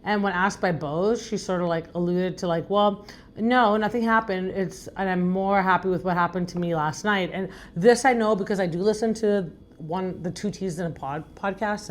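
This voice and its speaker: Middle-aged woman from Iran, deep and raspy, frank chatty podcast host who rambles. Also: darkish tone, a little hiss or hum. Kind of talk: casual recap chat.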